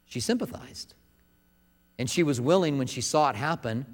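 A man, a pastor preaching a sermon, swinging between loud emphatic passages and soft hushed ones. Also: medium pitch, animated, moderate pace. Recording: long reverb of a large hall.

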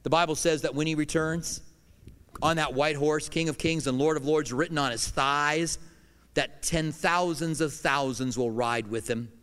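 A middle-aged male pastor preaching a sermon in earnest, swinging from loud declarations to hushed lines. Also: on the high side, steady tone, normal speed, clear, resonant tone. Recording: long hall reverb.

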